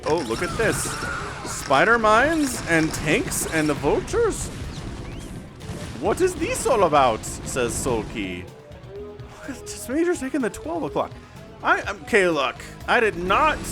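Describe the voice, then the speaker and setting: Excitable man casting a game. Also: on the high side. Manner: excitable, talks to viewers and players directly. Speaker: game commentator. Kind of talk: solo esports play-by-play commentary. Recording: music bed playing under the voice.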